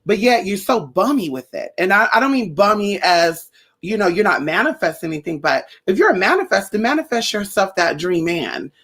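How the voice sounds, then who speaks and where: A chatty livestream host who talks straight to the viewers through a phone or webcam. The talk rambles and swears freely, with viewers called honey and darling. The voice sits at an ordinary middle pitch. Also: sing-song, brisk, fairly bright tone, husky. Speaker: spiritual practitioner and livestream host. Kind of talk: casual livestream chat with viewers.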